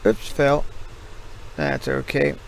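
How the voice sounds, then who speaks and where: A tired middle-aged American man with a gravelly voice, yawning as he rambles through casual commentary on his gameplay stream. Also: medium pitch, completely flat delivery, slow pace, slight background noise, rough recording.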